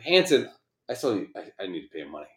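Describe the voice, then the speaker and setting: A man's voice: lowish voice, very animated, fast talker, fairly bright tone. A man co-hosting a casual talk show, rambling and swearing often in loose banter. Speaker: podcast co-host. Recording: roomy echo.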